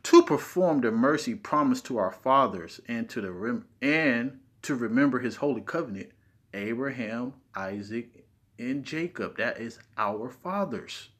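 A man's voice: medium pitch, lively intonation, a little slow, fairly bright tone, slightly rough. A man with a speech impediment teaching from scripture in a video, stressing key words as he reads verses aloud. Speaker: Bible teacher.

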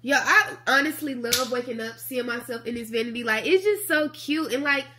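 A young woman talks casually to her viewers from bed, sick with a sore throat and a blocked nose. Her voice sits a little high, and she keeps calling her viewers y'all. It is picked up by her camera at home. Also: moderate pace, noisy background. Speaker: vlogger. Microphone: camera mic.

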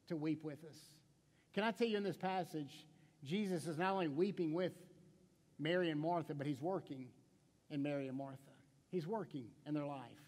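Impassioned high-voiced man preaching. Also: long reverb tail. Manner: impassioned preaching, drops to hushed emphasis, asks the congregation direct questions. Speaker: pastor. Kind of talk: sermon.

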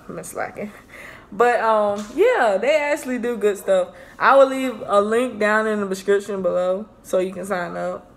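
A young woman vlogging a casual product review, chatty and excitable, often calling her viewers y'all. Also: mid-range voice, slight background noise.

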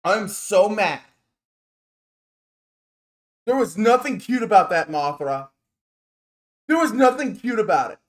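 A male VTuber streamer delivering an angry rant on a livestream, slow and emphatic, cursing and calling someone out by name. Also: high-pitched, big pitch swings.

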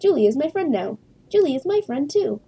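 A woman's voice: high-pitched, sing-song, fairly quick, mellow, pitched above the performer's own voice. A woman voicing a sweet, childlike male puppet neighbor who speaks in simple, innocent, affectionate phrases.

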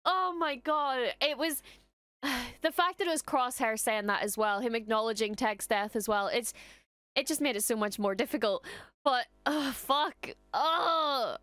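A woman's voice: a little high, moderate pace, a bit bright, no echo. A woman hosting a reaction video, talking casually and emotionally, swearing freely and trailing off as she gushes. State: emotional after watching. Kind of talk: casual post-episode reaction chat.

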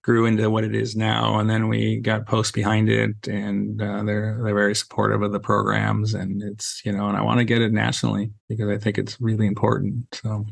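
In a dry recording, a middle-aged safety trainer appearing on a podcast runs through casual stories, acting out dialogue and saying "you know" often. He talks a little fast in a lowish, gravelly monotone, barely pausing.

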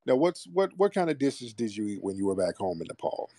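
A man's voice: lowish voice, sing-song, a little fast, dark tone, no echo, clean studio sound. A man hosting a call-in radio show, questioning a caller in a teasing, mocking way.

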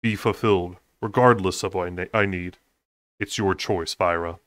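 A soft-spoken, teasing winged fae lord, as a man reading aloud gives him voice. He speaks low and slow, and the sound is close and dry. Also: steady tone, no room sound. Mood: gentle.

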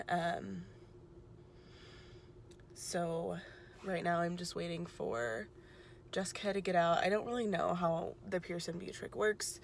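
Young woman vlogging into her phone right after a big test, kinda drained, rambly and low voiced. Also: gravelly, slight background noise. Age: young adult. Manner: rambling, emotional, talks in quick asides. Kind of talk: casual vlog chat. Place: outside a testing center.

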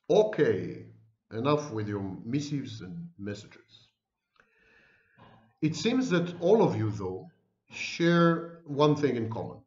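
A man's voice: medium pitch, roomy sound, lo-fi sound. A man delivering a scornful, emphatic monologue to his viewers as host of his own channel. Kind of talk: direct-to-camera monologue.

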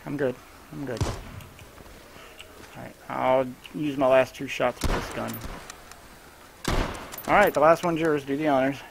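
A gamer streaming his own play chats casually to a teammate, tossing off quick, loose instructions in an easygoing way. His gravelly voice stays at an everyday middle pitch with fairly even intonation, and a faint hiss runs beneath the recording.

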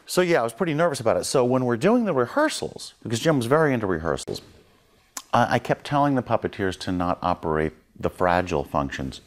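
A man, a creature effects artist, recalling a film shoot in a documentary interview, animated and laughing at himself as he acts out what people said. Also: mid-range voice, fast talker.

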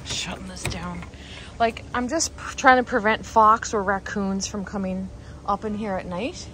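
A woman vlogging from her garden, excitable and out of breath, talking in a rush full of "like" and sometimes dropping to hushed whispers. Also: mid-range voice, normal speed, a little hiss or hum, poor audio. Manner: excitable and emotional, lots of "like"; drops to hushed whispers near the nest. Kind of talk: casual vlog to camera. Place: outdoors in a home garden and deck.

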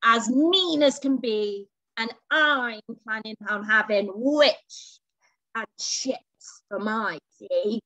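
A woman voicing a mean, hungry male dragon in a children's storybook reading, with a slow, gloating delivery. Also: fairly high pitch, bright, forceful tone, dry recording, low-quality recording. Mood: boastful.

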